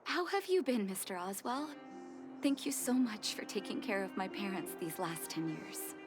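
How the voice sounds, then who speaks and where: A woman voicing an earnest young woman doctor in a game, speaking gently and with feeling, over game music. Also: mid-range voice, expressive, normal speed, natural voice. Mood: tender. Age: young adult. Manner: gentle, heartfelt, softly emotional. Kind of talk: game dialogue and narration.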